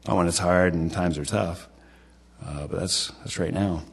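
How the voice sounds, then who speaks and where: A man's voice: deep voice, steady tone, normal speed, creaky, breathy edge. A man preaching a casual, conversational sermon, often repeating himself and restarting his phrases. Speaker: pastor.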